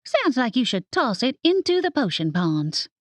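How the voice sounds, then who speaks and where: An eager young witch pushes her voice upward with excitement and teasing glee, voiced by a woman narrator. Her delivery swoops across a wide range. The recording is dry and close. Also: moderate pace, no room sound. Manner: excited and high-pitched.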